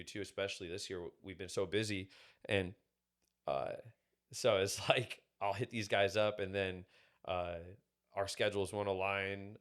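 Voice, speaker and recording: A man talking casually on a podcast, rambling through stories with lots of fillers. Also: low voice. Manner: rambling, filler-heavy storytelling. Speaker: podcast guest.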